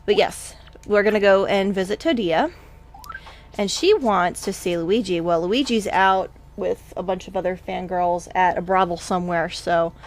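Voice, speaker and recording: A woman hosting a video game playthrough, talking through it in a chatty, rambling way with many asides. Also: medium pitch. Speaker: let's play host. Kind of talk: casual game commentary.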